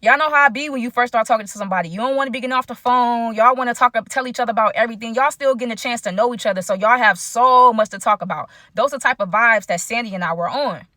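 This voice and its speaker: A young woman spins a casual storytime for her viewers, chatty and animated, full of slang and quick asides. Her voice is bright and forceful, recorded dry and close. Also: on the high side, dry recording. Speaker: storyteller vlogger.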